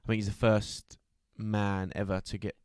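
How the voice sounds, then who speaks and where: A man co-hosting a football podcast, chatty and quick to laugh. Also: fairly low pitch, level tone, a little mellow, clean tone, dry recording, studio quality. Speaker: podcast co-host. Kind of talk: casual football podcast chat.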